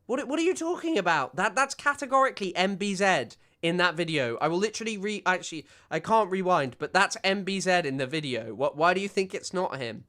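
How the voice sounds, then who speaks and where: A man's voice: sits high, expressive, fairly quick, hardly any pauses, sharp tone. A male streamer giving casual, sardonic reaction commentary into a desk microphone.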